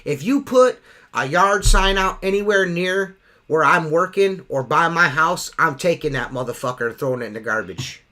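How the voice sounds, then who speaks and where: A man's voice: a little high, animated, normal speed, bright, forceful tone. A man hosting a casual podcast chat, telling stories as a profane, ranting storyteller. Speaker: podcast host.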